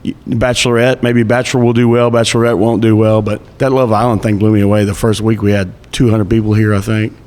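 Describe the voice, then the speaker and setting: A man's voice: fairly low pitch, little pitch movement, fast, few pauses, darkish tone. Bar owner guy talking up the weekend, laughs a lot, kinda echoey room. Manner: enthusiastic, laughs easily. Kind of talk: casual chat.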